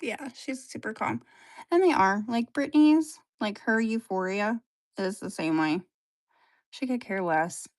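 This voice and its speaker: A woman on a home livestream chats about her pets in a soft, sighing way that often drops to a whisper. She talks slowly, taking her time, in a slightly high voice. The sound is dry and close, with no room around it. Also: no echo. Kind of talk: casual chat showing her pets.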